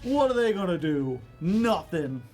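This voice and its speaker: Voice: mid-range voice, sing-song, a little slow, darkish tone, soft background music. A streamer giving casual, rambling commentary on a card game, joking and laughing often.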